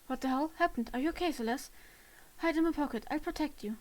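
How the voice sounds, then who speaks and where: A rough-spoken, teasing scarred man with an eye patch, as a woman reads him out from a game. The voice sits high. The talk is blunt and mocking. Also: fast talker, lightly acted. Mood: protective. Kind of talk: reading game dialogue aloud.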